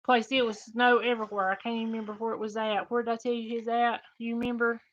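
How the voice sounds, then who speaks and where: A woman's voice: on the high side, little pitch movement, quick pace, lo-fi sound. A woman, co-hosting a homestead livestream, chatting casually and reading out viewer comments with frequent laughter. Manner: folksy, laughs often.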